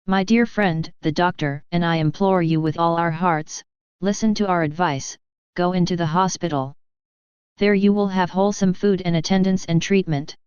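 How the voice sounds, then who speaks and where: A woman's voice: fairly low pitch, steady tone, normal speed, a little mellow, clear, resonant tone, no echo, lightly acted. A woman reading the lines of a cheerful, affectionate elderly male postmaster in an audiobook, with a hearty, coaxing manner. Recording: dull lo-fi.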